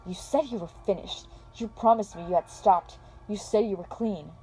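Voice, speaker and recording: A woman's voice: medium pitch, moderate pace, dark tone, faint music behind, natural voice, low-quality recording. A woman voicing a stern, weary father who talks in cold, clipped words. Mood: cold anger. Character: stern grown man, a weary disappointed father.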